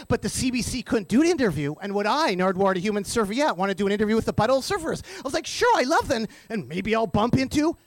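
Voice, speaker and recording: A man hosting a radio show, telling an anecdote in an excited, stammering way and acting out the voices of the people in it. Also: dry recording. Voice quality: high, lively, animated voice that jumps in pitch. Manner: stammering, breathless, acts out voices in the story. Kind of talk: excited spoken storytelling. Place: radio studio.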